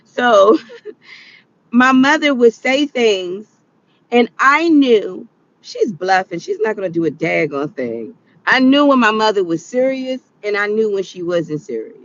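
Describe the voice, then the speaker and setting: A woman's voice: medium pitch, lively intonation, unhurried, muffled recording. A woman in her late thirties telling stories in a casual chat, laughing often and acting out quotes. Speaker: vlogger. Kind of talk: casual storytelling.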